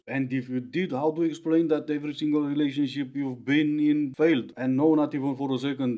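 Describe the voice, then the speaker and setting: A man's voice: medium pitch, warm tone, highs cut off. A man giving sarcastic, mocking reaction commentary.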